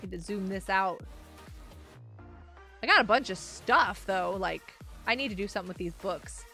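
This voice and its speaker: A woman's voice: medium pitch, expressive, normal speed, gravelly, pushed and bright, faint music behind. A woman streamer chatting casually while playing a game live, giggly and greeting her viewers.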